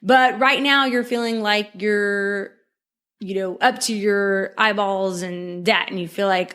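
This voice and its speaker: A woman's voice: mid-range voice, steady tone, takes it slowly, fairly bright tone, smooth. Upbeat woman coaching her listeners. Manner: upbeat, encouraging, addresses listener directly with frequent "okay?". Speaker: podcast host. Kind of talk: motivational coaching talk.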